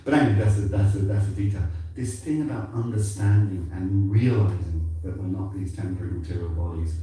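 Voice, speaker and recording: A man's voice: low-pitched, dark tone, recorded from a distance, slight background noise. Man preaching in an echoey temple hall. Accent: mixed English and Irish. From England. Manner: conversational, rambling, frequent "you know". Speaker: temple speaker. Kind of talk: sermon.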